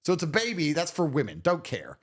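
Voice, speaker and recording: A man's voice: on the high side, huge pitch swings, brisk. A man talking as a podcast guest in a casual chat, brash and profane, telling stories with swagger.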